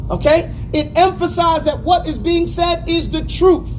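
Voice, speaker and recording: A man teaching a class, animated and stop-start, having students repeat words after him. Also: very high voice, unhurried, faint music behind. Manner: stammers and restarts often. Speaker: teacher of Quran exegesis class. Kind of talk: classroom lesson.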